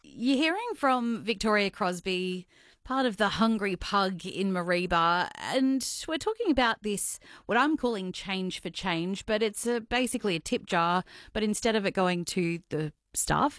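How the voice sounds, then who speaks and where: A woman's voice: mid-range voice, no room sound, studio quality. A woman hosting a radio interview, asking questions in an encouraging way. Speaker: radio host.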